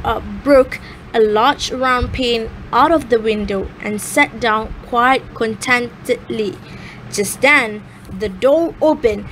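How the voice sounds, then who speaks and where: A woman with a high voice reads a fairy tale aloud at an unhurried pace. Her reading is careful and a little halting, and a faint hiss sits under the recording. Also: rough recording. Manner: careful, slightly halting reading with small slips. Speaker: storyteller.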